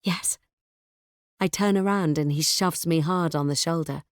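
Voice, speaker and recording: A woman narrating a thriller audiobook in first person, tense and measured. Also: low voice, dry recording, clean studio sound.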